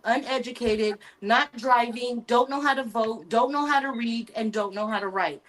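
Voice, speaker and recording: A woman's voice: fairly high pitch, moderate pace, a bit bright. A woman from California speaking earnestly and emphatically as a guest on a political talk show. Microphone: video call.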